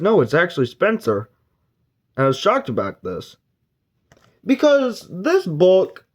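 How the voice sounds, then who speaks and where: A man's voice: a little high, muffled recording. A man giving a casual, rambling spoken book review, retelling the plot and briefly acting out characters' lines. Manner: rambling plot recap with filler words.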